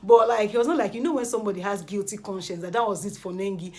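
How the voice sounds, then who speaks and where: Animated Nigerian woman gossiping. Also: mid-range voice, fast. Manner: animated, dramatic storytelling with pidgin interjections. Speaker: entertainment gossip vlogger. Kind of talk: casual gossip recap.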